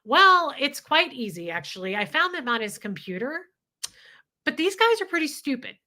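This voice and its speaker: A woman's voice: sits high, big pitch swings, moderate pace, sharp tone. A woman hosting a livestream, talking candidly and emotionally, swearing freely as she reads viewer comments. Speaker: livestream host.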